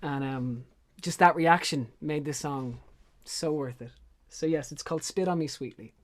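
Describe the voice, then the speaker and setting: An Irish man, a songwriter guest, casually and effusively introducing his song with animated storytelling. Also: a little high, moderate pace. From Ireland.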